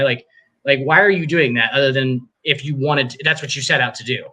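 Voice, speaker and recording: A man's voice: mid-range voice, brisk, pushed and bright. A man co-hosting a sports podcast, talking casually with profanity and frequent restarts. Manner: rambling, profane, restarts often. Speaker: podcast co-host.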